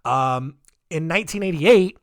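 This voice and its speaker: A man's voice: a little high, animated, a little slow, no room sound, clean studio sound. A man hosting a podcast, casually telling a story with sarcasm, laughter and mocking put-on voices. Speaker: podcast host.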